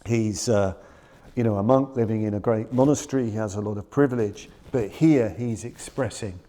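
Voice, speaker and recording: A man giving a Buddhist dharma talk in a shrine room, reflective and earnest, dwelling slowly on key words. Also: lowish voice, dark tone. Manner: reflective, earnest, quoting his teacher with slow emphasis. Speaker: Buddhist teacher.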